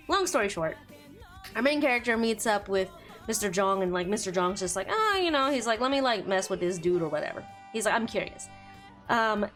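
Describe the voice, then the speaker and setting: A woman streamer chatting casually while she draws, retelling a plot in a rambling, giggly way. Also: medium pitch. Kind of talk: casual chat while drawing.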